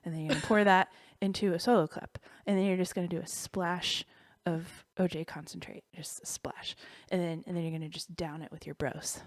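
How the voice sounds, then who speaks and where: A woman voicing a laid-back male stoner bro who explains a lazy party drink in a slow drawl. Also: on the low side, steady tone, no echo, lightly acted.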